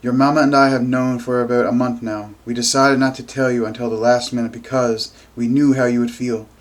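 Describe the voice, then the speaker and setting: A man voicing a stern but patient middle-aged father who explains things calmly. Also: mid-range voice, fairly quick, natural voice. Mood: firm.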